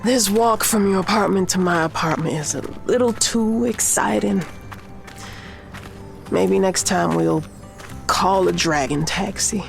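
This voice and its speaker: A woman plays an older grandmother witch who is protective of her grandchildren. Her voice has a gravelly edge and sits at a middle pitch. She talks firmly but warmly in an audio drama. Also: unhurried, faint music behind. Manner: firm and warm.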